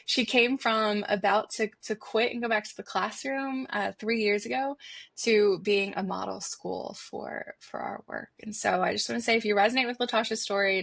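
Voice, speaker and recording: A woman's voice: mid-range voice, gravelly, fairly bright tone, no room sound. A woman guest on a podcast interview, speaking in an earnest, heartfelt way with frequent restarts. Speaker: guest, foundation institute director.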